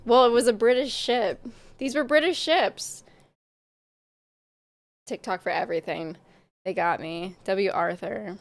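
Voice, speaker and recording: A woman's voice: mid-range voice, unhurried, pauses often, noisy background. A young woman streaming a game, chatting casually, swearing freely and laughing often. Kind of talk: casual livestream chat while gaming. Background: game music.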